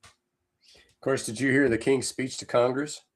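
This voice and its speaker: A man's voice: mid-range voice, fairly even intonation, measured pace. A man co-hosting a podcast in casual chat, rambling and full of fillers, with a Southern US accent. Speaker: podcast co-host.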